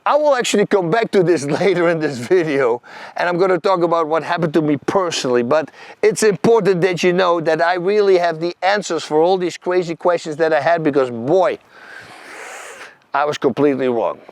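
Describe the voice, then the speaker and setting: A middle-aged man with a Dutch accent, telling his personal story to camera in an animated, emphatic, slangy way. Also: fairly high pitch, brisk, dry recording. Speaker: host.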